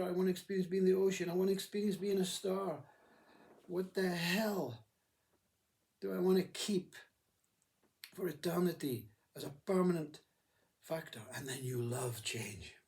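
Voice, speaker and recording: A man's voice: high-pitched, warm tone, distant mic. A man giving a reflective spiritual talk who acts out inner voices as he speaks. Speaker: spiritual teacher.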